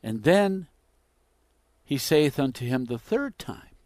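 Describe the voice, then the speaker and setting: A man preaching a sermon, acting out the quoted dialogue with big swings between loud and hushed delivery. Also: medium pitch, big pitch swings, takes it slowly, no echo. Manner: dramatic, acts out quoted dialogue with wide swings in loudness.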